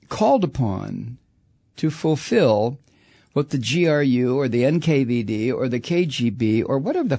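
A man delivering an animated, profane political rant, rambling with sudden whoops. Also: mid-range voice, gravelly, no room sound, studio quality. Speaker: political commentator.

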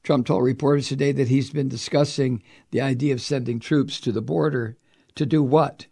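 A man's voice: medium pitch, fairly even intonation, moderate pace, dark tone. A man hosting political commentary, angry and sarcastic, swearing freely as he reads and mocks the news. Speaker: host. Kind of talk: political commentary talk show.

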